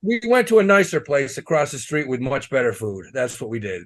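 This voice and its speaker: A man's voice: medium pitch, big pitch swings, fairly quick. A man co-hosting a podcast, telling a story in a heated, profane, fired-up way. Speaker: podcast co-host. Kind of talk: casual chat, heated storytelling.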